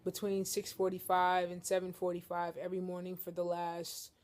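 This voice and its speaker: A young woman chats to camera from her living room couch, her fairly low, darkish voice completely flat and moving at a moderate pace. Even so, she's joking and playful, addressing her viewers directly as "y'all."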